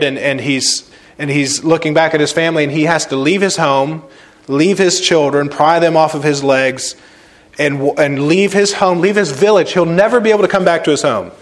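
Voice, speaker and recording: In his sermon, a male pastor with a fairly high-pitched voice leans on repetition for emphasis. His delivery alternates loud, stressed words with quiet, slowed-down points.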